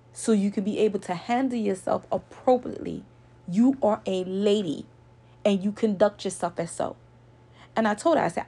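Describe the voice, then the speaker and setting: Woman, casual vlog storyteller, gravelly texture, earnest lecturing delivery with lots of repetition. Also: medium pitch, moderate pace, dark tone. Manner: earnest, lecturing, repeats points for emphasis. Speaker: vlogger.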